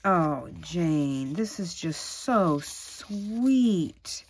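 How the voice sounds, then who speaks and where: Lady opening happy mail, low voice that jumps all over when she gets excited, chatty asides. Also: very slow, slightly rough. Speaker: crafting vlogger. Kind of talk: casual unboxing chat.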